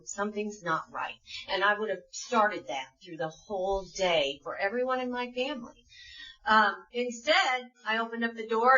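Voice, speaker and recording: A woman's voice: medium pitch, sharp tone. A middle-aged woman from Dallas, Texas, giving an earnest, conversational recovery talk as a speaker at a support group meeting. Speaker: Al-Anon speaker. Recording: distant, dull lo-fi meeting tape.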